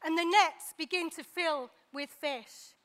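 A woman preaching a sermon, pausing for effect and acting out the lines she quotes. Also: extremely high pitch, a bit bright. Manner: dramatic pauses, acts out quoted dialogue.

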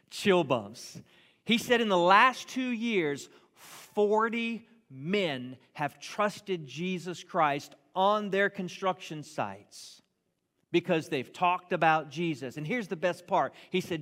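A man preaching a sermon with a somewhat high voice, his words ringing through a large reverberant hall. He tells his stories with emphatic, earnest delivery. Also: expressive, slow, a bit bright. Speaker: pastor.

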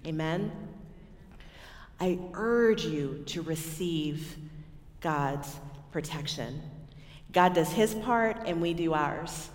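A woman with a Texan accent preaching a sermon to a women's gathering, telling stories and swinging between loud and hushed moments. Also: deep voice, takes it slowly, pauses often. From Texas. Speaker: women's ministry speaker. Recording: echoey hall with long reverb.

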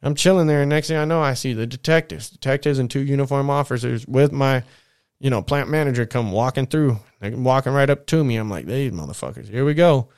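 A man's voice: mid-range voice, brisk, a little mellow, smooth, dry recording, studio quality. A man telling a rambling, profane story in a casual, laid-back way. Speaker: podcast storyteller.

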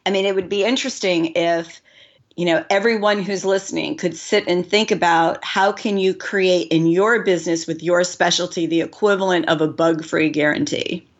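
A woman's voice: fairly low pitch, steady tone, moderate pace, highs cut off. A woman hosting a casual podcast conversation, reflective and encouraging.

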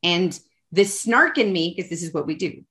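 A woman's voice: on the low side, expressive, normal speed, pushed and bright. A woman talking as a podcast guest from home, candid and chatty, with an emotional, self-mocking way of talking. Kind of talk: candid personal conversation.

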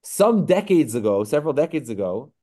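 A man gives an online lesson in a middle-pitched voice, thinking aloud and filling pauses with "um" and "uh". He slows right down whenever he quotes a phrase. The sound comes through a computer mic on a video call. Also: sing-song, mellow. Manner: reflective, stretches quoted phrases slowly, frequent fillers. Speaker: rabbi teaching a class. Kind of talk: online lecture.

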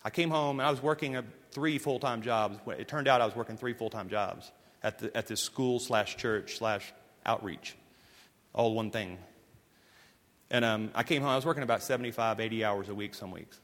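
A man preaching a sermon as pastor, telling stories emphatically and moving between forceful lines and hushed ones. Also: medium pitch, moderate pace. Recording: long hall reverb.

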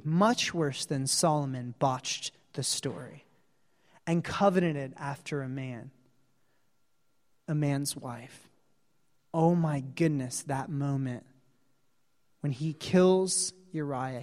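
A male preacher giving a sermon, telling a story earnestly with dramatic pauses. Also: fairly high pitch, a little mellow. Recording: long hall reverb.

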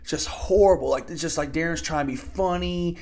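A man's voice: on the high side, fairly even intonation, a little fast. A man giving a casual spoken film review into a desk microphone, rambling and profane, with frequent restarts. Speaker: movie reviewer.

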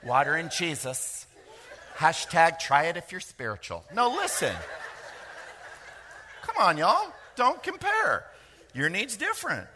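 A middle-aged man preaching a sermon, lively and joking, with quick asides to the congregation. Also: a little high, background noise. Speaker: pastor.

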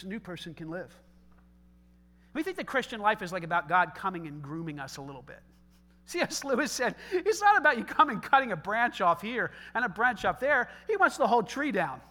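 A middle-aged male pastor preaching a sermon, animated, moving between loud exhortation and soft, conversational storytelling with joking asides. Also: high voice.

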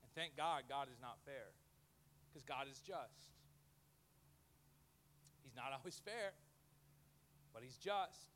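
A man preaching a sermon as pastor to a live church audience, lively and joking, acting out the voices he quotes. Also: medium pitch, slow, pauses often, slight background noise.

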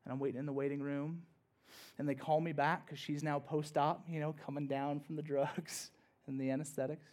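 A male pastor preaching in church, telling a personal story in a conversational way that swings from hushed to loud and emphatic. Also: fairly high pitch, little pitch movement, brisk. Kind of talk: sermon told as a personal story.

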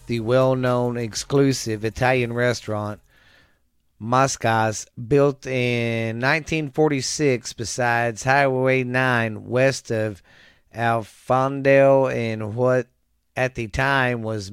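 Podcast host, male, slow and smooth, profane and rambling, trips over reading. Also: mid-range voice, no room sound, studio quality. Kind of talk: casual chat and reading history.

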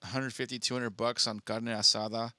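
A young man co-hosting a podcast, telling a rambling, filler-heavy story in a relaxed way. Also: mid-range voice, fairly quick, dry recording. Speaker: podcast co-host. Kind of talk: casual storytelling chat.

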